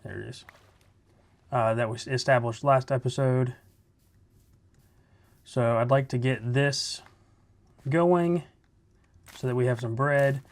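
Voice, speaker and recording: A man's voice: mid-range voice, steady tone, slow, pauses often. A man hosting a Minecraft let's play, giving casual, laid-back commentary and thinking aloud as he plays.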